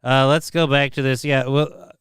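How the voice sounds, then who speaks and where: A man's voice: mid-range voice, flat delivery, normal speed, a bit bright, slight background noise. Crude, rambling male streamer. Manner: rambling, crude, reads out chat names. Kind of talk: casual live-stream commentary.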